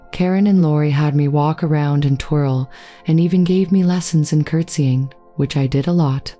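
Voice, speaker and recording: Low, mellow woman narrating a story. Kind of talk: scripted narration.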